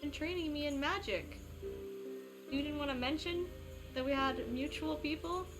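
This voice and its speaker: A woman's voice: sits high, moderate pace. A woman streaming a game, chatting casually, laughing easily and swearing freely. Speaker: gaming streamer. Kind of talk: casual live-stream chat. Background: game music.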